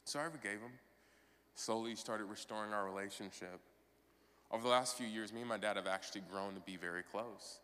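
Impassioned bright-voiced pastor in a 30s voice. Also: male voice, lowish voice, brisk. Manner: impassioned preaching, swinging from loud proclamation to soft confession. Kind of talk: sermon. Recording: long hall reverb.

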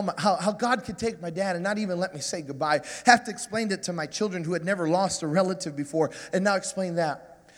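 A man in his forties, a guest preacher telling a self-mocking, animated story in a sermon. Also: high voice, in a large hall.

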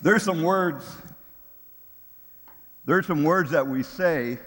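An older man, a grandfather, preaching with a high-pitched voice. He talks loosely and restarts phrases as he goes. His sermon rings out with a long reverb from the hall around him. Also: takes it slowly, a bit bright. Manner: casual, repeats words while searching for phrasing. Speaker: pastor.

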